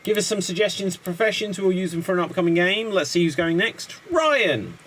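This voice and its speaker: A man hosting an online improv show, briskly setting up games. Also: sits high, expressive, fairly bright tone, a little hiss or hum. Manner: brisk, playful quizmaster. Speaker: improv host.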